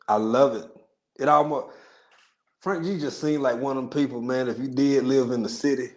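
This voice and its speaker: There's slight background noise behind this mid-range male voice. The speaker, a Texan with a Texan accent, hosts a livestream where he chats casually with viewers, joking, laughing a lot and going off on rambling asides.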